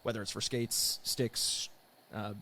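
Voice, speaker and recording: A man's voice: fairly low pitch, flat delivery, takes it slowly, sharp tone. A man hosting a podcast, asking rambling, teasing questions in a casual interview. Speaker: podcast host.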